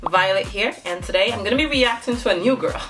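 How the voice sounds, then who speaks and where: Bubbly, bright-voiced woman vlogger. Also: medium pitch, fast, soft background music. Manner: bubbly and giggly, gushing exclamations to viewers. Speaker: YouTube reaction host. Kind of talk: casual reaction vlog chat.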